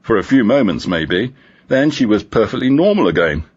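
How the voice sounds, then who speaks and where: An earnest male detective inspector who jokes now and then, voiced by a man reading a crime story. The voice is husky and lively in pitch, on a dull lo-fi recording. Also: moderate pace. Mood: reflective.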